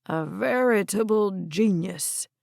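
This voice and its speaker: A woman voicing a gruff, blunt elderly grandfather in an audiobook, recorded dry. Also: medium pitch, slow pace, darkish tone, no echo. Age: over 70. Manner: gruff and plainspoken.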